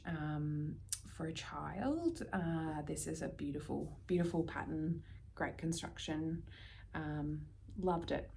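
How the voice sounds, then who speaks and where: An Australian woman vlogging casually about her knitting, chatty and prone to dropping into soft, near-whispered asides. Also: deep voice, creaky, slight background noise. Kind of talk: casual chat.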